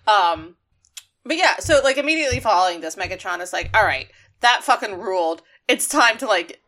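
A woman's voice: medium pitch, expressive, a little fast, fairly bright tone. A woman co-hosting a podcast in casual chat, with many "like" fillers, who laughs easily. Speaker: podcast co-host.

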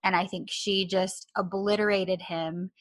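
Animated woman sharing show theories. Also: mid-range voice, a little slow, dry recording. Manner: animated, laughs often, shares theories. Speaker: co-host reviewing a show. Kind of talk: casual chat.

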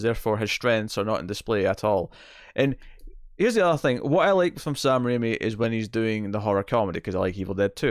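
A man's voice: fairly low pitch, no echo. Guy rambling about a movie on a podcast, lots of restarts, dry mic. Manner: rambling, frequent restarts and repeated words. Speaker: podcast co-host. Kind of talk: casual movie review chat.

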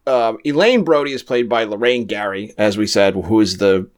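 A man with a fairly low voice chatting on a podcast, dry and deadpan in his jokes. He plays off his co-host with easygoing, wry remarks. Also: normal speed. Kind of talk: casual chat.

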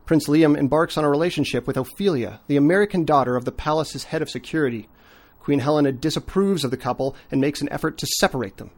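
A man co-hosting a podcast in casual chat, measured and dry, with deliberate delivery. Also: on the high side. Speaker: podcast co-host.

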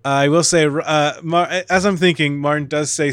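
Podcast co-host, male, deadpan teasing banter, slightly high voice, close dry sound. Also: normal speed, clear, resonant tone, no echo. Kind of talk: casual comedic chat.

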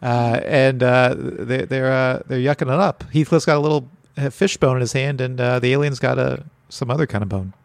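A man's voice: mid-range voice, steady tone, normal speed, creaky, hardly any pauses, no room sound. Laughing man co-hosting a podcast. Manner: laughs often, restarts while describing comics. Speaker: podcast co-host. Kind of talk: casual chat.

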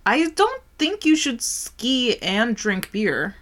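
A woman's voice: on the high side, very animated, slow pace, fairly bright tone. A young woman co-hosting a podcast, bantering playfully and giggling. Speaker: podcast co-host. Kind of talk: casual chat.

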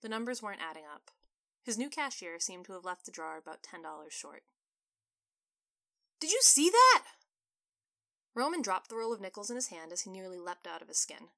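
A woman author narrating her own story in an even, scripted way. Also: fairly low pitch, fast, vocal fry.

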